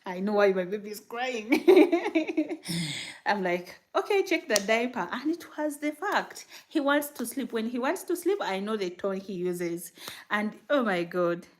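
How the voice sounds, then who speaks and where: Chatty woman vlogger, lively storyteller. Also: mid-range voice, normal speed, a little hiss or hum. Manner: animated storytelling, acting out her own past words; chatty, with fillers and frequent laughs. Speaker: vlogger and new mother. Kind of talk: casual chat answering viewer comments.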